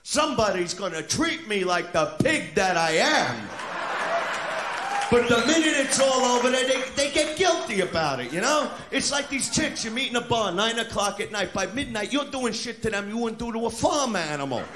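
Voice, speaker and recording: Brash crude stand-up comedian, high voice. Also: male voice, sing-song, brisk, few pauses. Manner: brash, crude, shouted punchlines. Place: comedy club stage. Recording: live club recording with crowd noise. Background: audience laughter and noise.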